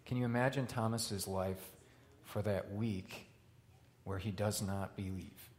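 A male pastor preaching a sermon, swinging from loud, rising questions to quiet, hushed lines. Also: lowish voice, steady tone, a little slow.

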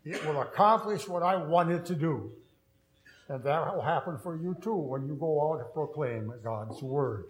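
A man's voice: fairly high pitch, animated, moderate pace, echoey room, rough recording. A man who is a pastor, preaching an earnest sermon with storytelling and self-deprecating humor.

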